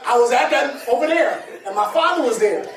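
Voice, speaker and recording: High-voiced man telling his story. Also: a little fast, a crowd in the background. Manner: animated, colloquial storytelling with laughter. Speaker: motivational speaker. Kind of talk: personal storytelling talk to an audience. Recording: echoey room, distant mic, faint ambience.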